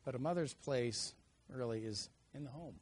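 Man preaching an animated sermon. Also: medium pitch, moderate pace, slightly rough. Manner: animated storyteller, acts out kids' shouts.

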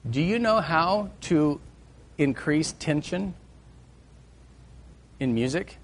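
Man, middle-aged, music teacher, church class, lively, hums and sings examples, fairly high voice. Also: slow pace, a little hiss or hum.

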